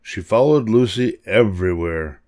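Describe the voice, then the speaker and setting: An older man reading a children's picture book aloud, expressive and animated. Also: on the low side, normal speed, dry recording, studio quality. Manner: expressive, animated voices for characters. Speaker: storybook reader.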